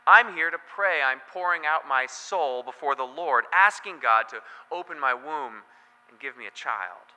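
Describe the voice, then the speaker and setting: A man voicing an earnest, deeply troubled woman who pleads in a raised voice, with a long hall reverb. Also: animated, measured pace, pushed and bright, exaggerated voice. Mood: pleading.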